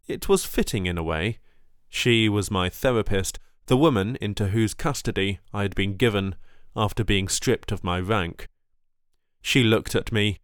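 A man narrating a first-person story in a measured audiobook delivery. His voice is low and smooth, and the recording is dry and close. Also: dry recording.

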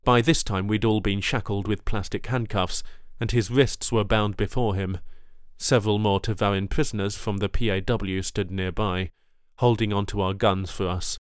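A man narrating a first-person story in a measured audiobook delivery. His voice is low and smooth, and the recording is dry and close. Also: steady tone, no echo.

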